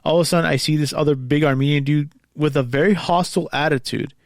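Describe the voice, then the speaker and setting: Gravelly man reading posts and commenting. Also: fairly high pitch, steady tone, quick pace, dry recording, clean studio sound. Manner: reads posts aloud and comments on them; rambling and conversational. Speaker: podcast host. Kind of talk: casual solo commentary.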